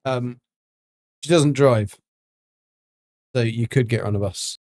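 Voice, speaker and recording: Casual gaming streamer, mid pitch, chatty and meandering, dry recording. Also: male voice, measured pace, darkish tone, no echo. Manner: chatty, rambling, many ums and restarts. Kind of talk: casual gameplay commentary.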